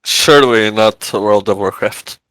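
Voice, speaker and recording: A man with a Portuguese accent chats as a podcast guest, his voice smooth and resonant. He stops and restarts often, filling gaps with "uh" as he works through a story. The sound is dry and close. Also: fairly low pitch, fairly bright tone, no echo, rough recording. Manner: halting, many "uh" fillers, acts out quoted voices. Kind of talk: casual storytelling chat.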